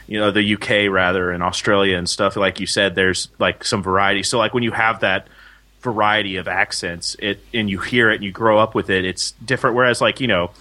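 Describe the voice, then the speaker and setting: Casting: man, lowish pitch, bright tone, rambling talker full of filler words. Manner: rambling, many "like"s and "you know"s. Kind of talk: casual chat.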